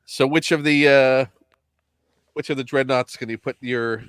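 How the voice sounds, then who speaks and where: A man's voice: mid-range voice, fairly even intonation, unhurried, a bit bright, smooth. A man with a General American accent hosting a casual chat in a wry, playfully teasing way. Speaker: host.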